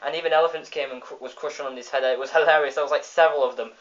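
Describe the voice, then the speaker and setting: A man's voice: on the high side, fairly even intonation, very fast, fairly bright tone. A man giving a casual spoken review of a cartoon episode, retelling the plot in a rambling way with many restarts and fillers. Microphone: phone. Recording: dull lo-fi phone recording.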